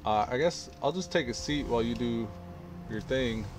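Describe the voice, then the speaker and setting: Male gamer, mid pitch, casual commentary, low-key humor. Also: moderate pace, music in the background. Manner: relaxed, joking, low-key asides. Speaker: gameplay streamer.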